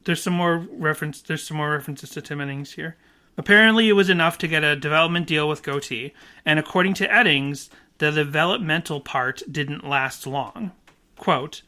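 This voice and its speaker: A man hosting a podcast, casually reading an article aloud with quick asides and chuckles. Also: fairly high pitch, steady tone, sharp tone. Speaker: podcast host.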